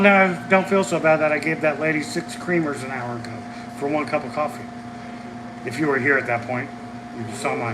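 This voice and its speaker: Man, fairly high voice, rambling casual chat, noisy background hum. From US Midwest. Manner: rambling, chatty, answers chat questions aloud. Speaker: concession stand worker livestreaming. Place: concession stand at a soccer venue.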